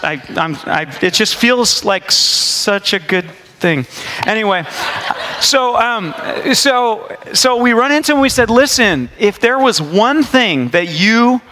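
A pastor in his forties preaches a sermon conversationally, like a storyteller, with jokes, asides and frequent restarts. His voice is on the high side with a sharp tone.

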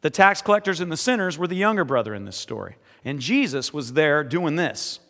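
In a large hall with long, ringing reverb, a male pastor delivers a sermon in a somewhat high voice. He is very animated and a little fast, alternating between quiet, earnest scripture reading and emphatic exhortation.

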